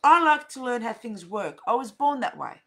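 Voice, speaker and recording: A middle-aged woman talks straight to her viewers in a high voice. She lectures bluntly, swears often and hammers her points home by repeating them. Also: very animated, normal speed, fairly bright tone. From Australia. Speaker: vlogger, counsellor.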